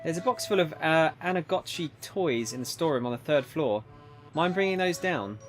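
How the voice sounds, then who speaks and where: A man voicing a brisk, businesslike male office boss. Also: a little high, animated, over music, lightly acted.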